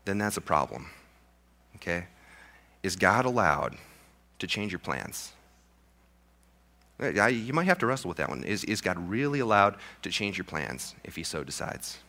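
A man's voice: low voice, sing-song, moderate pace, pauses often, pushed and bright. A young man preaching a sermon in a casual, joking way, with frequent restarts. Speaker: pastor.

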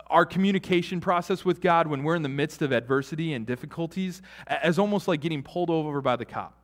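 A male pastor delivers a sermon in a conversational way, with fillers and asides. His voice sits a little high and rises loud on key points, then sinks to hushed, almost whispered lines. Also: in a large hall. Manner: dynamic, swings from loud emphasis to hushed near-whisper.

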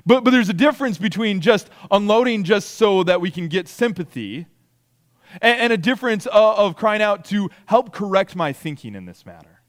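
A man preaching a sermon, animated, acting out quoted complaints and asking the congregation "right?" as he goes. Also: high-pitched, normal speed, big-room sound. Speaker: pastor.

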